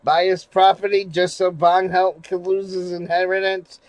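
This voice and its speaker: A man live streaming in casual chat, rambling and swearing, going from mumbles to loud rants. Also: sits high, little pitch movement, normal speed, dry recording, low-quality recording. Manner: rambling, profane, shifts from mumbling to loud ranting.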